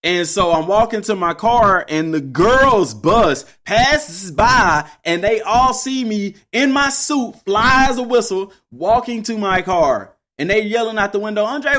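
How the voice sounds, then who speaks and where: A young man from Texas, telling a personal story casually to his listeners. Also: sits high. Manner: animated, addresses listeners as y'all. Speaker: podcast host.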